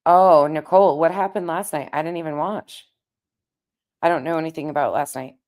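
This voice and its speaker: A woman live-streaming in a casual, chatty way, greeting viewers by name, with a raspy voice. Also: sits low, fairly even intonation, brisk, darkish tone.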